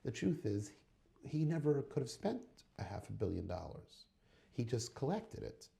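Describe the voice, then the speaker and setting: Deep, gravelly-voiced man giving earnest advice. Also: big pitch swings, moderate pace, warm tone. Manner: earnest, insistent, repetitive phrasing. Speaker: motivational speaker. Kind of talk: retelling a conversation as a life lesson.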